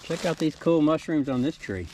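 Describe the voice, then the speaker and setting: A man's voice: a little high, expressive, moderate pace, darkish tone, a little hiss or hum, poor audio. Easygoing Southern man on a trail. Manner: easygoing, enthusiastic about small finds. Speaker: hiking vlogger. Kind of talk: casual outdoor narration. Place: outdoors on a forest trail.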